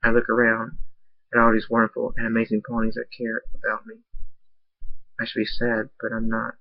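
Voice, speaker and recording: A man reading a story aloud in a plain, flat way. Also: lowish voice, fairly quick, gravelly, no echo. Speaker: fan fiction reader. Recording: dull lo-fi dry recording.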